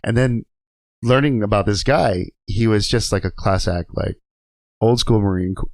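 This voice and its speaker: A trucker guest in a podcast studio spins loose, profane road stories in a lowish man's voice. He rambles, swears freely and laughs through his own tales. The sound is close and dry. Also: moderate pace, no echo. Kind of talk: casual storytelling.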